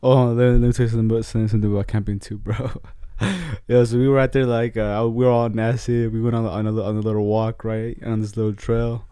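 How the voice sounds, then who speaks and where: A man's voice: lowish voice, little pitch movement, fast talker, dark tone, clean tone, dry recording. A young man trading teasing, slangy stories with his friends. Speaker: friend in conversation. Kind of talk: casual chat.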